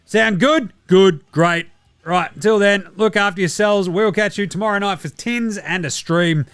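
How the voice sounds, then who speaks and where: A man's voice: high-pitched, unhurried, a bit bright, clear, resonant tone, no echo. A man with an Australian accent signing off his podcast casually, laid-back and swearing now and then. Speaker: podcast host.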